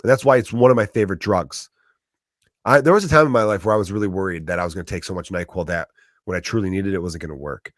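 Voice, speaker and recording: A man's voice: low voice, fast talker, dry recording, studio quality. Profane ranting man with a Chicago accent. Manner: profane, ranting, acts out quoted voices. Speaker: podcast host, comedian. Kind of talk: comedic monologue.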